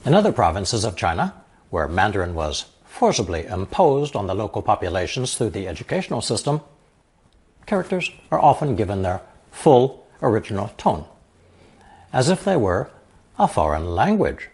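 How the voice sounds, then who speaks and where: A man teaching a recorded language lesson, explaining example phrases slowly and carefully. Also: lowish voice, big pitch swings, darkish tone, breathy edge. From lives in Taiwan.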